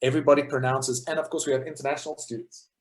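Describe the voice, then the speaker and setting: A man's voice: mid-range voice, flat delivery, racing. A man, a choral conductor, giving a lecture and posing one rhetorical question after another. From South Africa. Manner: earnest, asks many rhetorical questions. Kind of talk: lecture talk.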